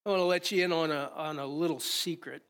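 A pastor preaching in a fairly high voice. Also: male voice, steady tone, quick pace, clean tone. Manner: conversational preaching, joking, swings between loud emphasis and quiet asides. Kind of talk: sermon. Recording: preached into a microphone.

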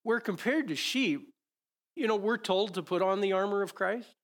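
A man preaching a sermon into a microphone as the pastor, in a conversational, joking way that swings between loud emphasis and quiet asides. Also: high voice, normal speed.

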